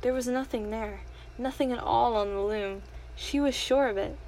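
A woman reading a storybook aloud with expressive, animated narration. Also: fairly high pitch, moderate pace, a little hiss or hum, rough recording.

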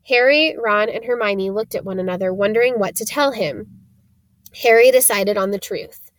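A woman reading a novel chapter aloud in a steady storytelling manner. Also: mid-range voice, moderate pace, dry recording. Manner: steady storytelling, shifting into character voices. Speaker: audiobook reader.

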